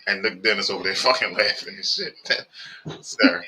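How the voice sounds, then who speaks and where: A man's voice: deep voice, moderate pace, a little hiss or hum, low-quality recording. A man hosting a podcast, chatting casually, swearing freely and laughing often. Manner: profane, animated, laughing often. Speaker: podcast host.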